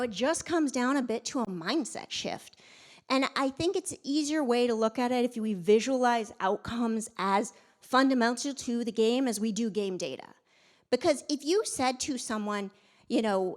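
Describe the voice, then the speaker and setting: A woman with a fairly high voice speaks at a conference, energetic and emphatic. She restarts her sentences and drops in frequent fillers as she goes. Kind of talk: conference talk.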